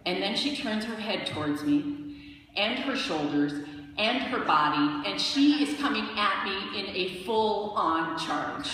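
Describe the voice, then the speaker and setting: A woman telling a true story on stage to a live audience, wry and self-mocking, pausing for laughs. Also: mid-range voice, lively intonation, fairly bright tone, slight background noise. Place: large hall with a live audience. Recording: distant echoey hall recording.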